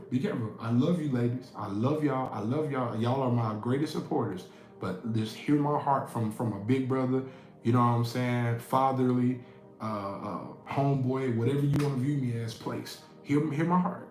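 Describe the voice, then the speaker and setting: A man's voice: medium pitch, a little mellow. A man giving a motivational talk, preachy and repeating key lines for emphasis. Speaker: inspirational speaker. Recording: echoey room with faint music.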